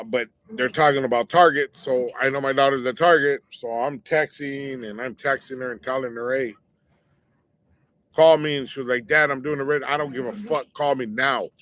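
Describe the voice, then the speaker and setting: A man's voice: medium pitch, a bit bright, dry recording. A middle-aged man hosting his own show, telling a personal story in a casual, blunt, slangy way and warning listeners. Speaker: show host.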